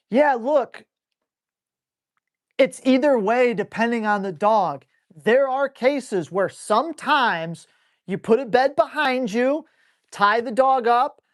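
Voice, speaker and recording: A man who trains dogs, answering viewer questions on a live stream in a blunt, excitable, salty way, breaking into quick acted asides. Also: very high voice.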